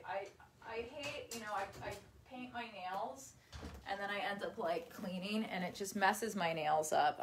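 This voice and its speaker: A woman's voice: mid-range voice, a little hiss or hum. Rambling, chatty woman live streaming. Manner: rambling and chatty, laughs often, talks to her dog. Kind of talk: casual live-stream chat. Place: at home while folding laundry.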